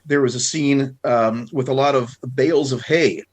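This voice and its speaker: Husky-voiced American man in his sixties. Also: medium pitch, moderate pace. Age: 60s. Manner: animated storyteller who acts out quotes. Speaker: guest film historian. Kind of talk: casual anecdotal chat.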